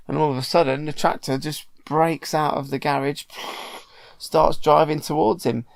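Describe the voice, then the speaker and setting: A father casually retelling a film to his child at home, chatty and animated with many ums. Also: fairly high pitch, moderate pace, vocal fry, dry recording. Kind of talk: casual storytelling.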